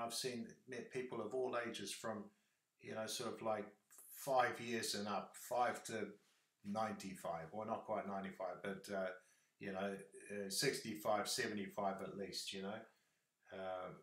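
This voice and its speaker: A man's voice: lowish voice, a bit bright, reverberant. A man with a New Zealand accent chatting casually on a livestream, rambling with lots of fillers.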